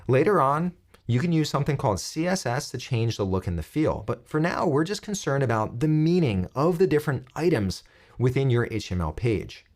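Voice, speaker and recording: A man teaching a coding lesson, explaining each step clearly as he types. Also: mid-range voice, sing-song, a little fast, darkish tone. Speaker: web coding instructor. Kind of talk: screen-recorded coding tutorial.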